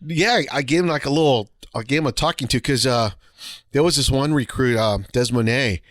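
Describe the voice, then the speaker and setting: A man co-hosting a podcast, telling boot camp stories in a casual, animated, profane way with acted-out quotes. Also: mid-range voice, normal speed, no room sound, studio quality. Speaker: podcast co-host. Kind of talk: casual storytelling chat.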